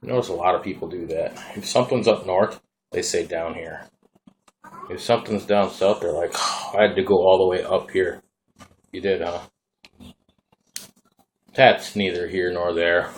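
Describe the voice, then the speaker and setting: A man's voice: low-pitched, fairly even intonation, moderate pace, long pauses, slight background noise. A man from Minnesota with a Minnesotan accent, rambling casually as he demonstrates his hobby gear in a vlog. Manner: laid-back, rambling, folksy. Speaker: vaping hobbyist vlogger. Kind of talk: casual hands-on demo.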